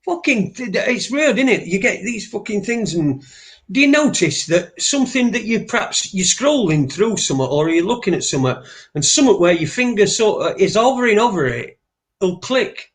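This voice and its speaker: A man from the north of England chats casually on a live stream. He rambles, swears freely and keeps restarting his sentences, in a voice that sits a little high for a man. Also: big pitch swings, normal speed. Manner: rambling, swears a lot, many fillers and restarts. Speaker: co-host.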